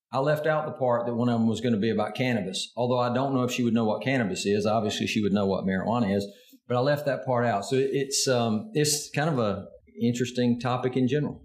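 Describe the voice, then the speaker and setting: A man hosts a business podcast in a fairly low voice. He talks in a halting, easygoing way, full of restarts and fillers as he moderates the interview.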